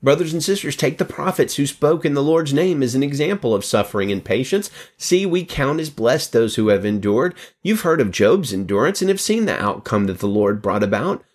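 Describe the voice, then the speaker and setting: A man's voice: mid-range voice, animated, a little fast, hardly any pauses, a little mellow. Man reading scripture with casual asides. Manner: conversational, with joking self-deprecating asides. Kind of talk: casual Bible reading with commentary.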